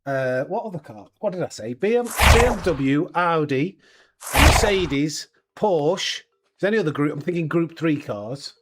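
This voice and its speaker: A man's voice: fairly high pitch, expressive, moderate pace, heavy background noise. A man in his thirties hosting a live gaming stream, cheeky and jokey, laughing often and chatting with viewers. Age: 30s. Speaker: streamer host. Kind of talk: casual live-stream chat while gaming.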